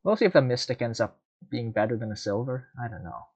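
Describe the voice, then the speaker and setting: A man's voice: medium pitch, sing-song, fast talker, a little mellow, husky. A man giving casual, rambling commentary while playing a card game, muttering and mocking himself.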